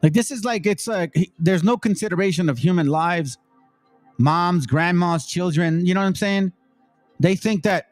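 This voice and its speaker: A man's voice: high-pitched, moderate pace, no room sound, faint music behind. A man hosting a channel, giving blunt, preachy commentary on video clips, swearing freely and reading scripture aloud in a stately cadence.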